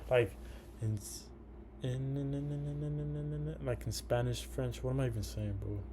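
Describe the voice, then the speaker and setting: Over background noise, a man with a medium-pitched voice talks at a normal speed. He's a day trader with a slight lisp from a retainer, casually rambling through a profanity-filled trading recap and peppering it with "bro."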